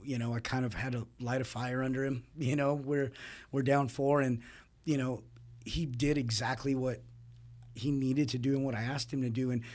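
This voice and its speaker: Coach guy on a podcast, chatty, laughs a lot, gets lively telling stories. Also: medium pitch. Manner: animated storyteller, laughs often, quick asides. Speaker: fight coach, guest. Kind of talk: casual interview chat.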